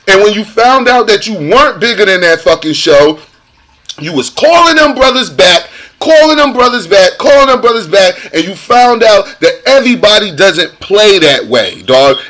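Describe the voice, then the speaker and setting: A man's voice: sits high, sharp tone. A man delivering a heated, profane rant as a vlogger, repeating himself for emphasis. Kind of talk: angry rant to camera.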